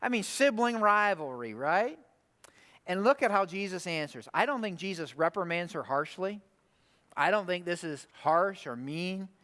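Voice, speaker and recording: A man preaching a conversational sermon, animated, often asking the room rhetorical questions. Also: high voice, moderate pace. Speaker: pastor. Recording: long hall reverb.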